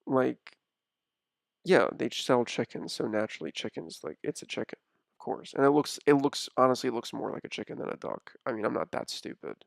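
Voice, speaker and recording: A man's voice: mid-range voice, lively intonation, fairly quick, vocal fry, dry recording, studio quality. A man streaming from a room at home, talking in a rambling, stammering, mock-indignant way. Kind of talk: casual comedic stream chat.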